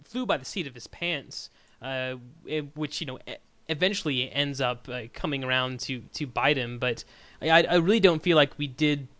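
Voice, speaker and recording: Bright-voiced man rambling about a film. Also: mid-range voice, normal speed, dry recording. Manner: rambling, restarts often, animated retellings. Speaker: podcast co-host. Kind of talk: casual film review chat.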